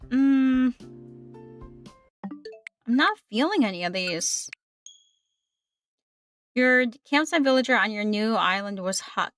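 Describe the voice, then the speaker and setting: A woman's voice: on the high side, a bit bright. A woman gaming streamer chatting casually with her livestream, reading chat aloud and often repeating herself.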